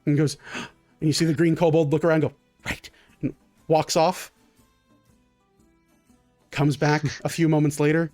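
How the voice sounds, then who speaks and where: A man's voice: on the high side, level tone, moderate pace, pauses often, a little mellow, dry recording, faint music behind. A man narrating a tabletop game as game master, improvising vivid descriptions.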